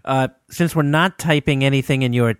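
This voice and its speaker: A man's voice: mid-range voice, normal speed, clean tone. A man hosting a casual podcast chat, teasing his guest and laughing often. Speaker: podcast host.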